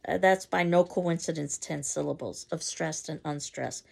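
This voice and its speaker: A woman's voice: deep voice, steady tone, a little slow, creaky. A woman teacher giving a recorded class lecture, explaining at length with frequent fillers and self-corrections.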